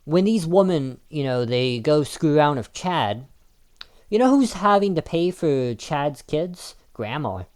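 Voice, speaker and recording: A man's voice: fairly high pitch, darkish tone. A man delivering an argumentative opinion monologue in a combative manner, with frequent restarts and filler ums. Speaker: video commentator.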